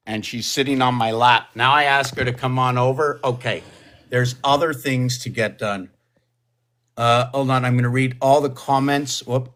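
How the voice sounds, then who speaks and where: A man's voice: mid-range voice, a bit bright. Man rambling through a home livestream. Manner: rambling, musing aloud on words and numbers. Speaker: livestream host. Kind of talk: casual livestream chat.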